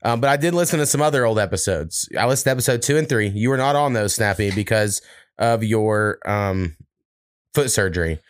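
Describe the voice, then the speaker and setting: A man's voice: fairly low pitch, lively intonation, a little fast, clear, resonant tone. A young man hosting a podcast, chatting casually and swearing freely while retelling stories with quoted voices. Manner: profane, storytelling with mimicked quotes. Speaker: podcast host. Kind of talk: casual chat.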